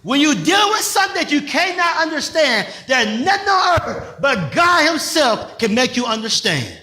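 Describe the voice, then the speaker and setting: A male pastor preaching a sermon, swinging from loud shouted lines to soft asides with bursts of laughter. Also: very high-pitched, very animated, normal speed, few pauses.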